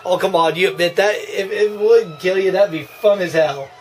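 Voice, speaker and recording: A man giving casual, excitable movie reaction commentary, gushing and breaking into laughs and yells. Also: high-pitched, normal speed, a little hiss or hum.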